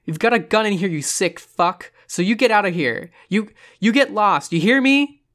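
A narrator voicing a young woman camper who is scared and furious, shouting defiance into the dark in a horror story. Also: mid-range voice, little pitch movement, fairly quick, voice pushed up, lightly acted. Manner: near-screaming and defiant.

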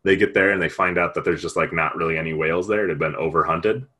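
A man's voice: sits low, steady tone, fast talker, sharp tone. A man retelling a story in casual chat, rambling and jokey, with lots of fillers.

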